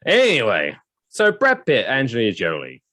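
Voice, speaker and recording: A man's voice: mid-range voice, wildly swooping pitch, moderate pace, bright, forceful tone, no room sound. A man co-hosting a podcast, chatting in jokey, rambling banter and reading out news bits. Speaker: podcast co-host. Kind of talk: casual comedic banter.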